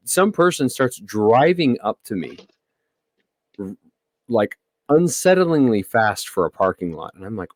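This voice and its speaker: A man's voice: lowish voice, no room sound. A man in his thirties co-hosting a podcast, telling a story in casual chat and acting out the lines he quotes. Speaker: podcast co-host.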